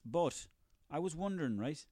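A man's voice: a little high, expressive, normal speed, warm tone, no room sound. An Irish man in his thirties delivering a sarcastic, profanity-laden comic rant on his own. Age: 30s. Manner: profane, sarcastic, ranting, rambling.

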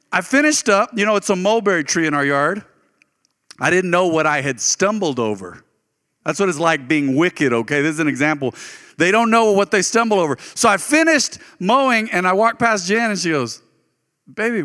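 High-voiced, animated preacher in a big hall. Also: male voice. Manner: animated, folksy, jumps into higher pitch when excited. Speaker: pastor. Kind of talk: sermon with personal storytelling. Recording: reverberant hall.

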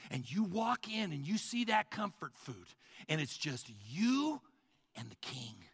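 Folksy high-voiced preacher. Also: male voice, unhurried, dry recording, studio quality. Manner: folksy, animated, addresses listeners as folks. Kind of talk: sermon with storytelling.

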